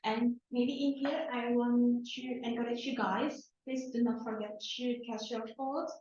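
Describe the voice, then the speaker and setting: A woman's voice: fairly high pitch, fairly even intonation, a little slow, darkish tone, slight background noise. A woman chairing an online club meeting, thanking the speaker and making encouraging announcements over a video call. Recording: distant, echoey, muffled call audio.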